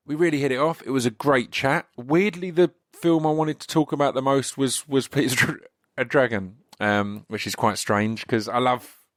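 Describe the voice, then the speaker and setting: A man with an English accent hosting a podcast, his voice slightly croaky, chatting casually in a rambling way with many restarts. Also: medium pitch, fairly bright tone, dry recording, studio quality. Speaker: podcast host. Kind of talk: casual solo intro.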